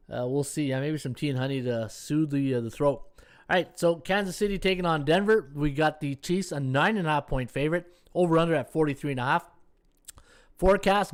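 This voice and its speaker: A man's voice: fairly high pitch, clear, resonant tone. A middle-aged man hosting a sports betting podcast, reading odds and picks and chatting with his live viewers, his throat worn from talking. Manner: chatty, reads odds and picks, talks to chat. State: losing his voice, throat sore. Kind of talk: casual sports betting talk.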